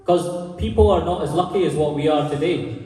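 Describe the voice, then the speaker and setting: A man's voice: a little high, brisk, mellow. A man giving a sermon as a Sikh preacher, telling stories earnestly and recounting conversations. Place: gurdwara hall. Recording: echoey hall, voice from far off.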